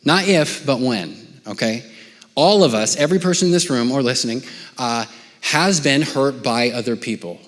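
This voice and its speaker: A middle-aged man giving a conversational church sermon as the pastor, often dropping to a soft near-whisper. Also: mid-range voice, moderate pace, long reverb tail. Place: church auditorium.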